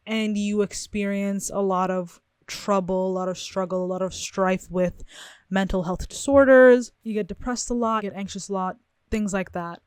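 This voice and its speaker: A woman's voice: medium pitch, a little mellow, no room sound, clean studio sound. A young woman vlogging from her bedroom in a chatty, rambling, self-reflective way, laughing often. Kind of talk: casual chat to camera.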